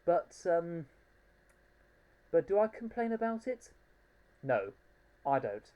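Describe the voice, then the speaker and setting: A woman's voice: on the low side, big pitch swings, slow, lo-fi sound. A woman reviewing a plush toy in a casual home video, hesitant and fond, with frequent ums and restarts.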